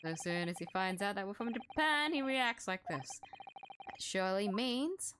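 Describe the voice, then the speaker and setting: A woman's voice: mid-range voice, lively intonation, normal speed, background noise. Chatty woman playing a game. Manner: reactive, chatty, swears freely. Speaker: let's-play streamer. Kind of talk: game playthrough commentary.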